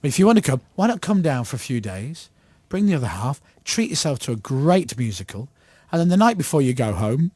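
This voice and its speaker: Teasing male radio host, lively voice. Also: mid-range voice, slightly rough, dry recording. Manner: teasing, quick-fire questions. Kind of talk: casual studio banter. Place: radio studio. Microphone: studio microphone.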